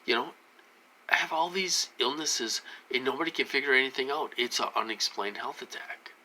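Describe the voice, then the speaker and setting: Guy rambling to camera, keeps repeating himself, lots of uhs and you knows, really bright sharp voice. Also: mid-range voice, a little hiss or hum, rough recording. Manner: repetitive, halting, with many fillers and restarts; insistent and aggrieved. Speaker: vlogger. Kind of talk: rambling personal monologue.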